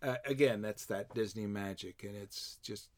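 An older man who worked as a barber, reminiscing in a halting way and often repeating words. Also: lowish voice, no echo. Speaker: former theme park barber. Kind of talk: reminiscing conversation.

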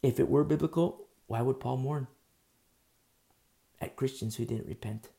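A man's voice: medium pitch, unhurried, gravelly, dark tone. A man preaching a conversational sermon, emphatic and full of rhetorical questions.

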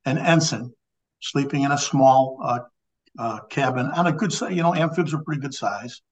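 A man's voice: mid-range voice, normal speed, poor audio. An older man from Illinois is a podcast guest sharing a personal anecdote. His voice sits in an ordinary mid range. He talks in a loose, rambling way, stopping and restarting often. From Illinois, USA. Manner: rambling, many restarts and filler words. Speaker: guest, former law enforcement official and Navy veteran. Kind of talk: conversational storytelling.

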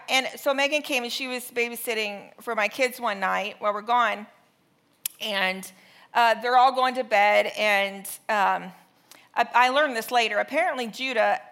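A woman in her thirties preaching a sermon, telling a family story with lively, exaggerated re-enactments. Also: a little high.

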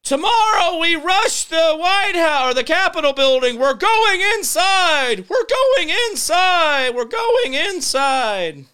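A man putting on the voice of a shouting male agitator rallying a crowd, high and drawn out. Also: very animated, takes it slowly, hardly any pauses, exaggerated voice. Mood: rousing.

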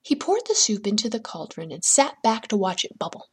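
A woman's voice: mid-range voice, big pitch swings, brisk, husky. A woman hosting a podcast, telling a folktale dramatically and dipping into whispers for suspense. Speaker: podcast host and storyteller. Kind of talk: storytelling a folktale.

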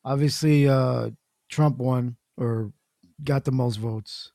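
A podcast host chatting casually, hesitant and full of fillers, often chuckling. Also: male voice, medium pitch, steady tone, slow pace, gravelly, warm tone, no echo, studio quality. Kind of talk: casual chat.

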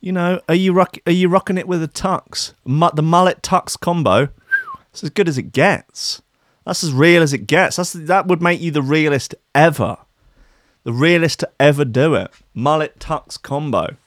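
A man's voice: on the high side, moderate pace, dry recording, studio quality. A man, riffing sarcastically on an odd news story, swearing and rambling. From Australia. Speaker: comedy commentator. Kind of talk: sarcastic comedic news riff.

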